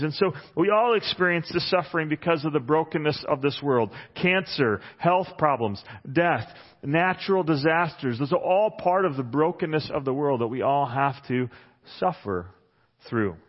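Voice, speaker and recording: A man's voice: a little high, normal speed. A man preaching a sermon in a church hall, conversational and joking, reading Bible passages aloud. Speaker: pastor. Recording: muffled sound with long hall reverb.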